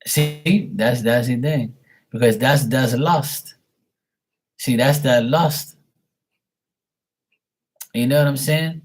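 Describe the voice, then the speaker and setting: A man's voice: medium pitch, takes it slowly, pauses often, darkish tone. A man chatting casually with viewers on his live tarot stream, blunt and swearing freely.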